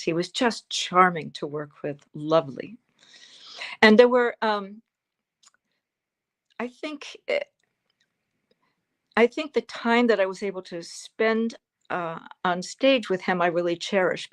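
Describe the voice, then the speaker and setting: Older woman, 70s, lowish voice, fond reflective storyteller, interview guest. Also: unhurried, long pauses. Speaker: guest actress. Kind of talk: interview answers over a livestream.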